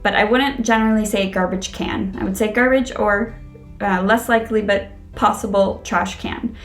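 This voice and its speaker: A woman's voice: mid-range voice, steady tone, normal speed, soft background music. Chatty Connecticut woman teaching dialects. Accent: Western New England. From Connecticut, USA. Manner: chatty, thinking aloud with many ums. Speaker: English teacher. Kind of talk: casual explanatory lesson.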